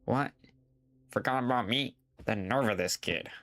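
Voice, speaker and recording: A man's voice: medium pitch, measured pace, fairly bright tone. A man reading aloud as an indignant homeowner who scolds an intruder in a game. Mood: huffy scolding. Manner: scolding, huffy.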